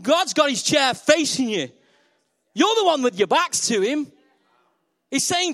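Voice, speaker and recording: A male pastor preaches with a high voice for a man. He is playful and energetic and keeps talking directly to his congregation. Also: measured pace. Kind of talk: sermon.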